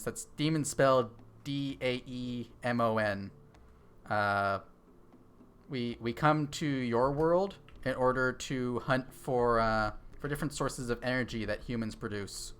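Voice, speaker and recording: A man's voice: medium pitch, fairly bright tone, clean tone. A man streaming a game, chatting casually, thinking aloud and answering his chat into a desk microphone. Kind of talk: casual live-stream chat while gaming.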